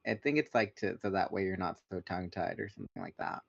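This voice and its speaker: A man co-hosting a podcast in casual chat, playful and rambling, running through tongue-twister warm-ups. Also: low voice, huge pitch swings, fast, creaky, highs cut off. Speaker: podcast co-host.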